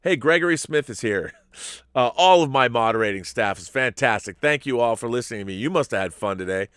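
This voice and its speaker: A man hosts a casual live-stream chat in a loose, rambling way, cutting himself off and restarting. He sounds a little giddy and loopy, with a middle-pitched voice. The sound is dry and close. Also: fairly quick, smooth, no echo. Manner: rambling and animated, self-interrupting. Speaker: show host.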